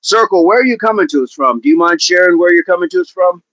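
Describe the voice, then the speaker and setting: A man talks with viewers as a fitness coach on a livestream, keeping an upbeat, encouraging tone and repeating his phrases. His voice sits a little high for a man. The sound is dull and dry, with no room echo. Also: lively intonation, fast, fairly bright tone.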